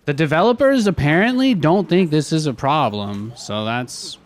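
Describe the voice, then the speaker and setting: A man's voice: a little high, expressive, moderate pace. A man in his thirties streaming a strategy game, chatting casually and repeating himself, now and then getting heated. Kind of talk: casual live game commentary.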